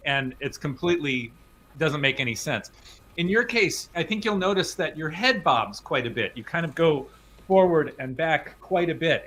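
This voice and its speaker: A man judging a music competition, giving animated spoken feedback to a young player. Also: fairly high pitch, slight background noise. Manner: animated, sings phrases aloud to illustrate. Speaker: competition judge.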